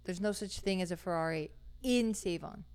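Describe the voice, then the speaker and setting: Woman with a smooth voice chatting and teasing on a podcast, asks lots of questions. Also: lowish voice, moderate pace, darkish tone. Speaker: podcast co-host. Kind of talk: casual chat.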